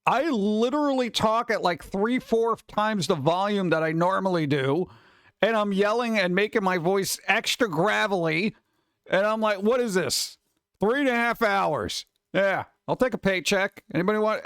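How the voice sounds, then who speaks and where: A man's voice: high voice, a bit bright, smooth, no room sound, clean studio sound. A man streaming live, chatting casually and rambling while answering his viewers. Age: adult.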